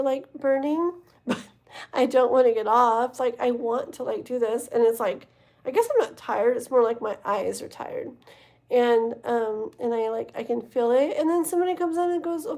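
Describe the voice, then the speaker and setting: Chatty woman with a gravelly voice. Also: a little high, mellow. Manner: casual, chatty, many fillers like "like" and "okay?". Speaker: tarot reader. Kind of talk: live-stream tarot reading and chat.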